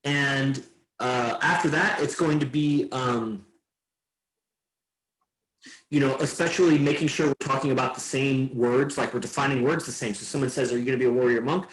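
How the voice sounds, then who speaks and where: A man's voice: medium pitch, fairly even intonation, normal speed. A man hosting a podcast, talking loosely and meandering, swearing now and then. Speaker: podcast host. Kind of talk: casual rambling chat. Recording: roomy echo.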